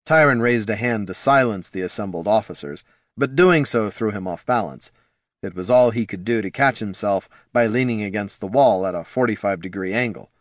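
A man narrating a fantasy audiobook in a lively, expressive storytelling manner. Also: fairly low pitch, normal speed, dry recording, clean studio sound.

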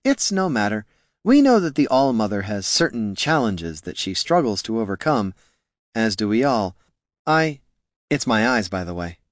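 A man voicing a soft-spoken, gentle young male scribe in a fantasy audiobook. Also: fairly low pitch, very animated, normal speed, no echo, clean studio sound. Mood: mild. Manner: soft, mild.

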